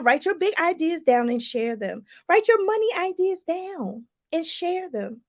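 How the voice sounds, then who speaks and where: A woman life coach giving a lively motivational talk to viewers, calling them y'all. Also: very high voice, unhurried, few pauses. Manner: animated, preachy, addresses viewers as y'all.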